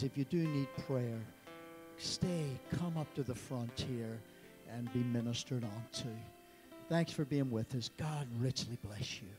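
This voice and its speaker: A man's voice: medium pitch, mellow, rough recording. A man, the pastor, closing the service with announcements and a blessing. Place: church sanctuary.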